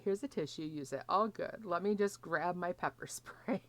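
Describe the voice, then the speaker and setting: A woman's voice: lowish voice, moderate pace, a little hiss or hum. A woman playing a video game and joking, reading dialogue choices aloud with sarcastic asides. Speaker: gaming streamer. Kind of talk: let's play commentary.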